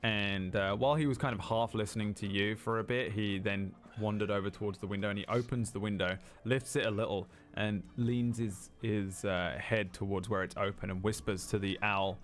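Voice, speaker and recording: A man's voice: lowish voice, steady tone, normal speed, few pauses. A man narrating a tabletop game as game master in a casual manner, with frequent fillers. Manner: casual, with many ums and uhs.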